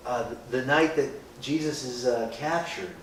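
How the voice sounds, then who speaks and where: A man's voice: mid-range voice, moderate pace, a bit bright. Man, casual Bible talk to a group, rhetorical questions, joking asides, distant mic, echoey room, faint hiss. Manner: conversational, asks rhetorical questions, often adds "right?"; jokey, acts out people's reactions. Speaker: speaker leading a group.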